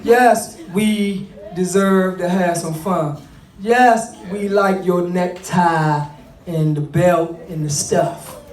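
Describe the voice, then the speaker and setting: A man's voice: sits high, slow pace. Earnest man giving a fatherhood talk. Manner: earnest, conversational, repeats and restarts. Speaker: speaker on fatherhood. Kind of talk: motivational talk to an audience. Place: room with an audience. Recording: echoey room, mic at a distance.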